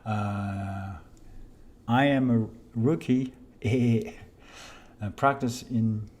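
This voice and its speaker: A man talks slowly and unhurriedly on a live stream. His voice is dark and mellow, of middle pitch. He reads viewer comments politely, stumbling over names and restarting his sentences. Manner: hesitant, halting, many restarts while reading names; polite, thanks viewers often. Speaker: kendo instructor hosting a live stream.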